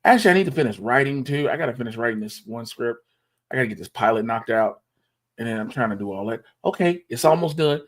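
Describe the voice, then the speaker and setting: A man hosting a livestream, mumbling to himself in casual, profane slang while he fiddles with his editing software. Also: medium pitch, animated, fast. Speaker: stream host.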